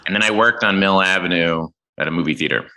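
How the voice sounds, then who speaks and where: Man, low voice, forceful edge, lively storyteller, guest on a talk show. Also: fast talker, poor audio. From Oklahoma, USA. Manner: animated storyteller acting out quoted people. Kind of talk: casual chat.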